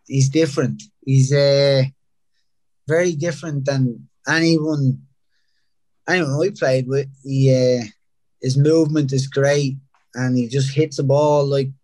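A man's voice: medium pitch, no echo. Laid-back Irish man in his thirties. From Ireland. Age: 30s. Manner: relaxed, laid-back storytelling with many fillers. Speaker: professional footballer, guest. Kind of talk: casual interview chat.

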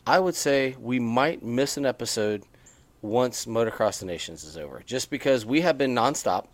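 A man's voice: mid-range voice, expressive, moderate pace, dry recording. Man, podcast co-host, chatty and rambling, dry close sound. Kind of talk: casual podcast chat. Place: on a porch.

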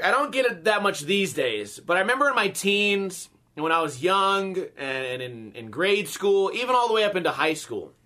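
A man in his thirties telling casual, profane stories as a podcast host, acting out the people he quotes. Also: sits high. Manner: profane, animated, acts out quoted voices. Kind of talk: casual storytelling chat.

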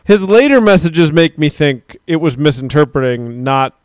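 A man's voice: on the high side, lively intonation, normal speed, clear, resonant tone, dry recording. A man in his thirties co-hosting a casual chat show, candid and self-reflective, laughing often as he reads comments. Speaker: podcast co-host.

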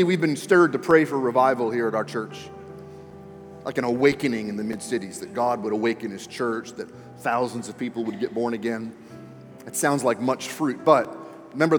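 A man's voice: medium pitch, moderate pace. A man preaching a sermon as pastor, speaking earnestly and emphatically, often repeating words for stress. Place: church auditorium. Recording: long reverb in a large hall, faint music.

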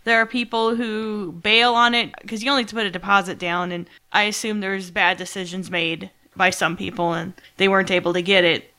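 A woman co-hosting a casual toy chat, playful and quick to laugh. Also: medium pitch, little pitch movement, sharp tone. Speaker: co-host.

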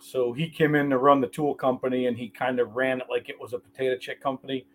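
A man's voice: mid-range voice, little pitch movement, fast. A middle-aged man, a podcast guest, telling casual stories in a blunt, joking, profane way over a video call. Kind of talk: casual storytelling.

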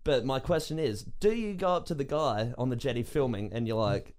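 Young Australian male radio co-host, casual storyteller, average pitch, easy laughs. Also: moderate pace, a little mellow. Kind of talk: casual banter.

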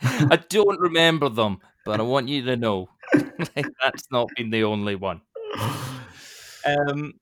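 Cheeky podcast host, dry close sound. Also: male voice, medium pitch, expressive, unhurried, a bit bright, no echo. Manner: cheeky, banter-filled, crude slang. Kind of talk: casual interview chat.

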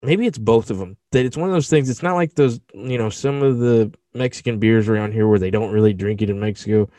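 Animated, swearing podcast co-host man. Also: on the low side, brisk, no room sound. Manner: animated, profane, jokey. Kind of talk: casual podcast chat.

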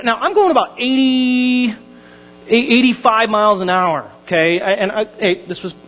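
A male pastor, preaching a sermon with animated storytelling that swings from hushed to loud. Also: high voice. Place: church hall. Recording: dull lo-fi sermon recording.

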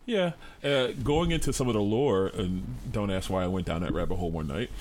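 Eager lore-buff man, low voice. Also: fairly quick, a little hiss or hum. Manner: eager lore buff, stammers when excited. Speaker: podcast co-host. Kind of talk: casual fan chat.

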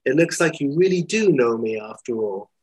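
A man voicing a cool, self-assured female con artist with a crisp, teasing delivery. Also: mid-range voice, lively intonation, moderate pace, dry recording, rough recording.

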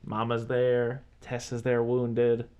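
A man's voice: mid-range voice, monotone, slow pace, mellow, clean tone, muffled recording. A man co-hosting a casual movie chat, bluntly retelling the plot with swearing and quoted asides. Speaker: podcast co-host.

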